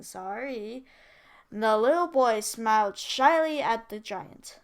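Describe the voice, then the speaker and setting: A woman's voice: a little high, expressive, takes it slowly. A woman who teaches English, reading a story aloud in a chatty way, with casual asides and self-corrections.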